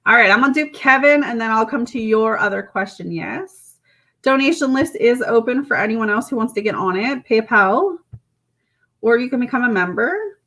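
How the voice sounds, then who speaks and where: A woman's voice: fairly high pitch, expressive, normal speed, sharp tone. A woman doing a live tarot reading, chatting casually with viewers and reading card messages aloud. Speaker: tarot reader.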